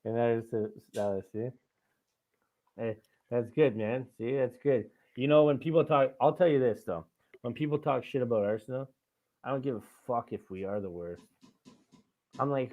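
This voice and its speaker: Here a podcast host speaks in a mid-range voice at a moderate pace, leaving long pauses. His storytelling is animated and profane, with plenty of cursing and frequent laughs in a casual chat. The recording has a tinny, phone-like quality.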